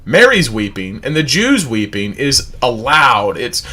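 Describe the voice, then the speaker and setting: A man's voice: mid-range voice, a little slow. A man leading a livestreamed Bible study, asking repeated rhetorical questions and reading out word definitions. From United States. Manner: animated, repetitive rhetorical questions, reads word definitions aloud.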